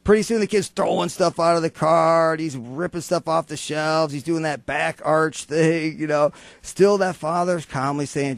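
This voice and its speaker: Fairly high-voiced man, radio host. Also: steady tone, moderate pace, creaky, few pauses, dry recording. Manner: storytelling, acts out quoted voices for humor. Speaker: radio talk show host. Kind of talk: motivational radio talk. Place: radio studio.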